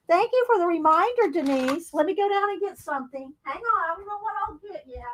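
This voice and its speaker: A woman's voice: very high voice, animated, brisk. A woman chatting casually on a livestream, short of breath and exclaiming as she reads viewer comments. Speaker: livestream host.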